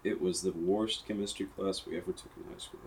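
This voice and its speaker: A man's voice: deep voice, fairly even intonation, a little fast, a little hiss or hum. A young man in a casual podcast chat, rambling with strong opinions and plenty of swearing.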